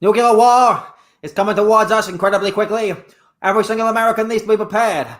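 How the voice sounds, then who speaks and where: A man improvising a US president gravely addressing the nation in a comedy scene. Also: high voice, fairly even intonation, fast, a bit bright. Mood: solemn.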